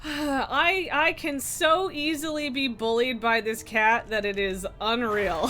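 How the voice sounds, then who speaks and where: A woman's voice: fairly high pitch, steady tone, slow, sharp tone. A woman streaming a game live, chatting casually, laughing often and swearing freely. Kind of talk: casual live gameplay commentary.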